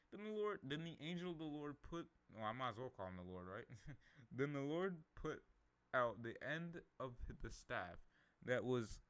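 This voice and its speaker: A man's voice: medium pitch, fairly bright tone. A man casually reading the Bible aloud, stumbling over names and laughing at his own slips. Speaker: Bible reader.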